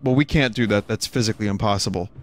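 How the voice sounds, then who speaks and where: A man's voice: lowish voice, quick pace, a little hiss or hum, pitched below the performer's own voice, close to an everyday voice. A man voicing a flustered male customer support agent, who is polite but baffled by a caller.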